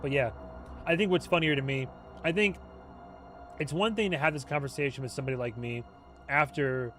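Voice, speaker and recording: A man hosting a casual livestream chat as a TV show reviewer, rambling and joking, quick to laugh. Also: mid-range voice, fairly bright tone, soft background music. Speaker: YouTube host, TV show reviewer.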